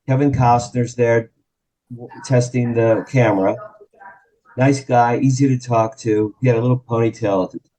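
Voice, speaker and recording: A man from New Jersey in his sixties, telling an animated anecdote as a guest on an interview show and acting out the quotes. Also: mid-range voice, low-quality recording. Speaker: guest, publicist and author. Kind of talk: storytelling in an interview.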